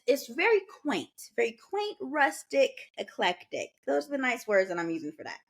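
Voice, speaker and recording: A young American woman co-hosting a podcast, telling a story in a lively, casual way with quoted asides. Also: mid-range voice. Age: young adult. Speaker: podcast co-host.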